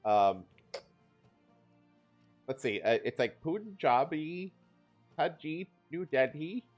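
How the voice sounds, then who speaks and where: A man's voice: a little high, very animated, takes it slowly, dull audio, soft background music. A man co-hosting a podcast, reading news stories in a loose, joking way and laughing often. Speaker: podcast co-host. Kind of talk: casual news chat.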